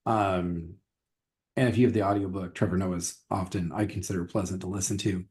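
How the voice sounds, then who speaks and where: A man's voice: sits low, fairly even intonation, a little fast, a little mellow. A man who teaches history, co-hosting a casual podcast and rambling with restarts and fillers.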